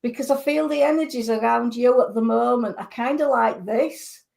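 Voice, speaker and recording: A woman with a fairly high voice gives psychic readings over the radio. She is earnest and reassuring, and she searches for her words as she goes. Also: normal speed, gravelly, a little mellow. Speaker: clairvoyant.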